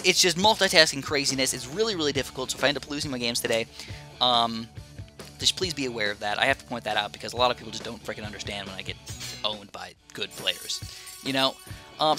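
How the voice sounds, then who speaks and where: Chatty young man over game music. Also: mid-range voice. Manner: chatty, rambling, excitable with frequent fillers. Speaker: gaming YouTuber. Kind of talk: casual storytelling over gameplay.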